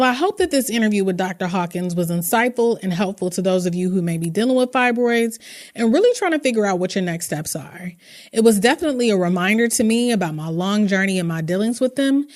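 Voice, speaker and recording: A young adult woman hosting a podcast, talking earnestly and emotionally, quick to laugh. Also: medium pitch, lively intonation, darkish tone. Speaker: podcast host. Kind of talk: warm conversational podcast interview and outro.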